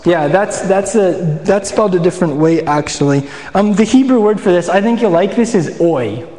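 A man's voice: sits high, normal speed, mellow. A man from the prairies preaching a sermon as a pastor, talking conversationally, asking questions and answering them himself, often restarting his sentences. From Saskatchewan, Canada. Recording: echoey hall.

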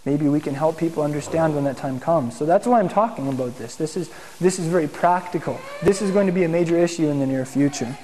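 Guy giving a chatty sermon, high-ish warm voice, keeps asking the room stuff, long echo. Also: fast talker, a little hiss or hum. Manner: conversational, asks the room questions. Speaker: congregation teacher. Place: meeting room with congregation. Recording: long hall reverb.

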